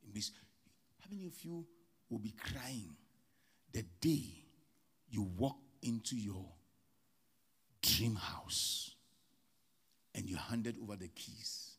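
A man preaching a sermon as pastor, with sudden loud rises and soft drops. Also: lowish voice, takes it slowly, pauses often, breathy edge.

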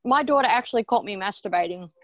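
A woman's voice: mid-range voice, fast talker. A woman guest on a podcast telling frank personal stories in casual chat, saying her throat is a bit sore. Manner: frank, animated storyteller.

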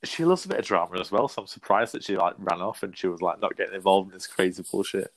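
A man co-hosting a casual podcast chat, relaxed and agreeable. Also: deep voice, fast talker, poor audio. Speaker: podcast co-host. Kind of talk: casual chat recapping a reality show.

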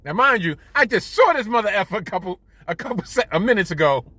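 Lively, bright-voiced man telling stories. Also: high voice, fast talker, breathy edge. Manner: animated, profane, self-mocking. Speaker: podcast host. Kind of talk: casual storytelling monologue. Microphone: studio podcast mic.

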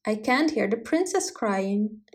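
An earnest, troubled young boy from a storybook, voiced by a woman reading aloud. He pleads and questions in a slightly high voice. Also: animated, a little slow. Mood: pleading.

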